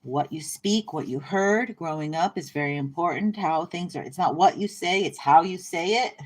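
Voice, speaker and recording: A woman's voice: lowish voice, moderate pace. A woman giving a casual, chatty tarot reading in an irreverent manner, often laughing. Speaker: tarot reader. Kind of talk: casual spiritual card reading.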